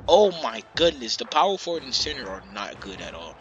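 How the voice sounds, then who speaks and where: A young man giving casual, excitable play-by-play commentary on a basketball game, swearing and trash-talking the players. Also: mid-range voice, brisk. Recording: slightly muffled lo-fi audio, faint background noise.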